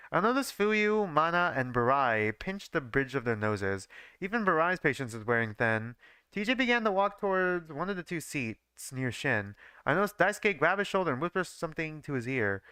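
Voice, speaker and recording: A man's voice: mid-range voice, pushed and bright, smooth, dry recording. A young man reads his old fanfiction aloud on a live stream, stumbling over lines and breaking off to swear and mock his own writing. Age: young adult. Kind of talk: live reading with offhand commentary.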